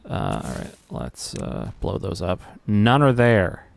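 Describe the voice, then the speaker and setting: Brief: unhurried male streamer, muses aloud over gameplay, faint music behind. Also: low-pitched, huge pitch swings, vocal fry. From Greek family background. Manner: rambling, talks to himself while playing. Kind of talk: casual gameplay commentary.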